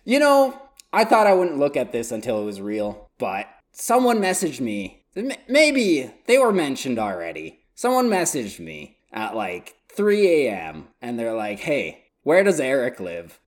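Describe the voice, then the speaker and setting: A man's voice: mid-range voice, wildly swooping pitch, a little slow, hardly any pauses. A man co-hosting a podcast, teasing and joking in casual chat. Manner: teasing, jokey. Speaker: podcast co-host.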